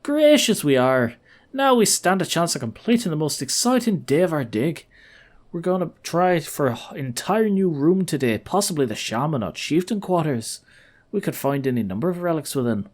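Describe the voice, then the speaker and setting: A man's voice: on the high side, moderate pace, pitched above the performer's own voice. A man voicing an eager old male archaeologist in a put-on Irish accent. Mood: grateful. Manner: animated, eager, chatty.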